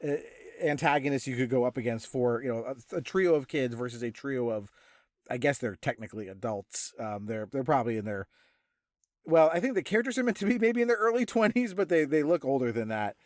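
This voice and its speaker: A man's voice: mid-range voice, animated, a little fast, no room sound, studio quality. A man from California chatting casually about a film on a podcast, full of "like" and "uh". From Laguna Beach, California. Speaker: podcast co-host.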